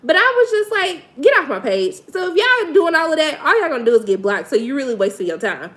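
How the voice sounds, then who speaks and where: A woman's voice: high voice, expressive, fast, fairly bright tone. A woman giving sassy, blunt, casual live commentary on a reality show, talking straight to her viewers with features.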